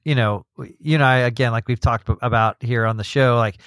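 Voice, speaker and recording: A man hosting a casual podcast talk, mid-pitched, rambling through stories with restarts and little acted-out quotes. The sound is dry and close, with no room around him. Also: steady tone, fairly quick, fairly bright tone, no room sound. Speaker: podcast host. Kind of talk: casual chat.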